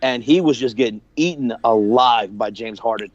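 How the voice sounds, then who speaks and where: A man calling in to a sports talk stream, friendly and relaxed as he breaks down the game. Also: medium pitch, moderate pace, highs cut off. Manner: friendly, relaxed, says man and brother a lot. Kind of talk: casual sports analysis.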